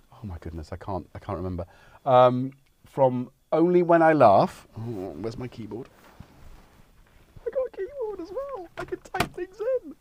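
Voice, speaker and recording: Chatty man with a lively voice. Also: medium pitch, no echo. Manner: chatty, meandering, self-interrupting. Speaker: livestream host. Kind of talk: rambling casual chat. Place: home studio.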